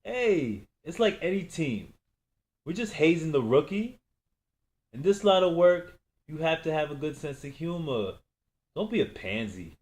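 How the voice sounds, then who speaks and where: Cocky street boss, mocking and coaxing, somewhat higher than plain talk, as a male reader plays him. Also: big pitch swings, a little slow, a little mellow. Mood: teasing. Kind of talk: audiobook reading.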